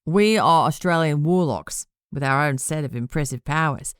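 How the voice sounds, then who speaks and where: A woman's voice: sits low, normal speed, smooth, no room sound, studio quality, close to an everyday voice. A woman voicing a smug, boastful male warlock leader in an audiobook, talking down to others in a casual, patronizing way. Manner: patronizing, casual and self-satisfied. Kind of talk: audiobook character reading.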